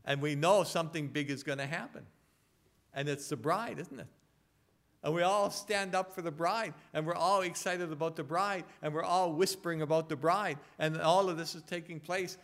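A man preaching a sermon in a conversational way, asking rhetorical tag questions and reading scripture slowly and deliberately. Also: a little high, fairly bright tone. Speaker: pastor.

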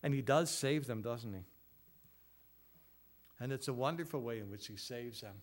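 A man's voice: mid-range voice, moderate pace. A man preaching an expository sermon as pastor, earnest, asking rhetorical questions and repeating phrases for emphasis.

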